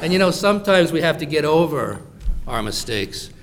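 A man's voice: fairly high pitch, moderate pace, slight background noise. A man preaching a sermon, explaining a Bible passage in casual modern words and acting out the quoted lines. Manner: animated, acts out quoted lines in voices.

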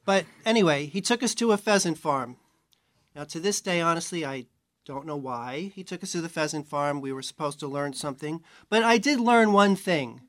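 A man's voice: on the high side, fairly bright tone, dry recording. A man from New York giving a conversational sermon as a Bible teacher, with chatty, self-mocking asides.

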